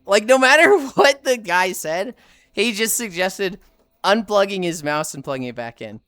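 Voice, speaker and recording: Soft music sits behind a woman in her thirties as she streams live, swapping casual talk and animated stories with her chat and friends and laughing a lot. Her mid-range voice keeps a moderate pace, with no room sound.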